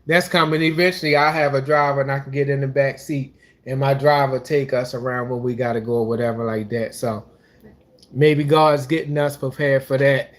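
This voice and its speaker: A man's voice: mid-range voice, steady tone, normal speed. A man co-hosting a couples channel, talking casually and rambling about his life, with restarts and religious asides. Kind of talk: casual personal talk.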